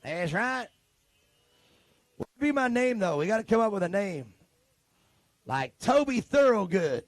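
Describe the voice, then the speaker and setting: A man's voice: high voice, expressive, normal speed, dry recording. A man from California announcing a live off-road race, joking and rambling in loose banter. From Modesto, California.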